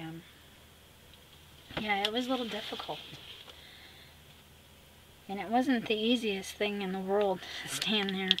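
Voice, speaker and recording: A woman talks her way through a collage in a chatty, casual vlog voice. She mutters to herself as she works and often sinks into a soft murmur. Her pitch sits in the middle, with a faint hiss behind her. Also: rough recording. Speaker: craft vlogger. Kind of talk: casual talk while crafting.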